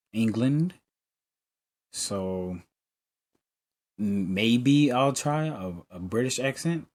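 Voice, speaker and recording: A man casually commenting on a game and reading its lines aloud, halting and stumbling over names. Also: lowish voice, a little mellow. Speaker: let's play host. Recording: music playing behind.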